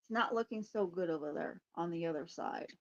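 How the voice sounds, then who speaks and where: A woman's voice: fairly low pitch, brisk, highs cut off. A woman hosting a psychic podcast in a casual livestream chat, laughing often and swearing casually.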